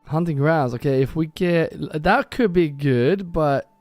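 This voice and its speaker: A man's voice: on the high side, a little slow, a little mellow, dry recording. A man casually commenting on his own gameplay on a live stream, thinking aloud and often correcting himself. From Norway. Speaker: gaming streamer. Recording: faint background music.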